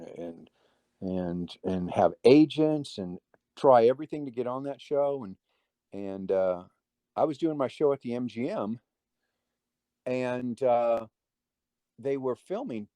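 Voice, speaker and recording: A man's voice: mid-range voice, warm tone, no echo. A middle-aged man, a guest magician, telling long stories in a casual interview, rambling with many restarts and quoting other people's words.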